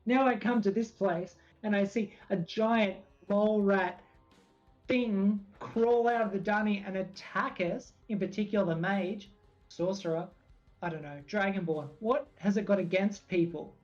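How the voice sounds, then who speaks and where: A woman playing in character at a tabletop game, talking in an indignant, rapid rant. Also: mid-range voice, darkish tone, highs cut off, faint music behind. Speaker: player. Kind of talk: in-character tabletop role-play.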